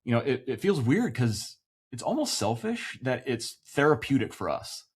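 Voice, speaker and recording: Brief: man in his 40s, veteran podcast guest, animated storyteller, salty and casual. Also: medium pitch, normal speed, slightly rough. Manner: animated, swears freely, acts out quoted voices.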